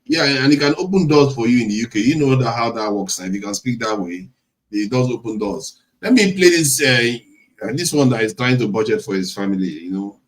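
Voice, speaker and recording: A man's voice: mid-range voice, brisk, low-quality recording. A man hosting a show, chatting casually and laughing as he reacts to video clips. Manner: laughing, relaxed commentary on clips. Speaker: host.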